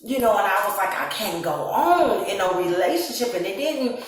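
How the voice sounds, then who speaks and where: A woman's voice: mid-range voice, big pitch swings, moderate pace. A woman, casually telling her own story on a vlog, laughing often and acting out her past reactions in quoted asides. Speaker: vlogger. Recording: very echoey room, voice from a distance.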